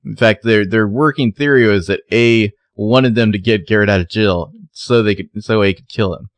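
A man's voice: fairly low pitch, normal speed, dry recording. A man co-hosting a podcast, making wry, offhand remarks while recapping a TV episode in casual chat. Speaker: podcast co-host.

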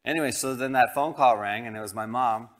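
A man's voice: mid-range voice, a little fast. Pastor guy telling a funny story in his sermon, self-deprecating, does little voices. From Colorado, United States. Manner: animated, self-deprecating, acts out quoted voices.

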